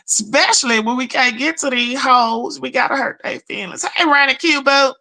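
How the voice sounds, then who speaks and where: A woman's voice: high-pitched, creaky. A woman hosting a casual livestream, telling stories, cussing freely and greeting viewers in chat. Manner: profane, animated storytelling with chat shout-outs. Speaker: livestream host.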